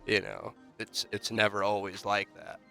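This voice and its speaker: A man's voice: fairly low pitch, level tone, moderate pace, vocal fry, pushed and bright, faint music behind. A man who boxes, a guest on a casual podcast, telling a rambling story full of fillers and restarts. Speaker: amateur boxer.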